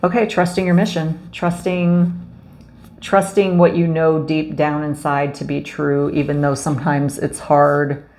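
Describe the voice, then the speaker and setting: A woman's voice: low voice, little pitch movement, a little slow, darkish tone. A woman giving a casual oracle card reading, effusive and gushing, with many fillers. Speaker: spiritual card reader.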